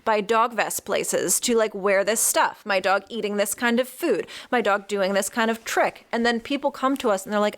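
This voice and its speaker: A woman's voice: mid-range voice, normal speed, hardly any pauses. A woman dog trainer talking frankly on a podcast, swearing freely as she explains her views. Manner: frank, swears freely, acts out owners' voices. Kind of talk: casual podcast chat.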